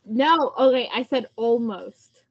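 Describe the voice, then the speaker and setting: Female podcast co-host, slow unhurried delivery, playful, slightly dull recording. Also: on the high side, slightly rough. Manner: playful, easygoing. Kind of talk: casual chat. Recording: slightly muffled podcast audio.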